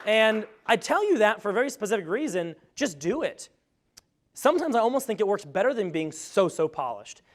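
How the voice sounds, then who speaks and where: A man with a fairly high voice giving an energetic talk to a live audience. He jokes often and pokes fun at himself as he makes his points. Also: fairly quick. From grew up on a farm. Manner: energetic, joking, self-deprecating. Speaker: speaker on webinar marketing.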